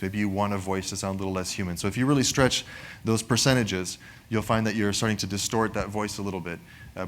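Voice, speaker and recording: With a fairly low, slightly bright voice, a man delivers a technical product presentation in a conversational way, frequently tacking "right?" onto his points.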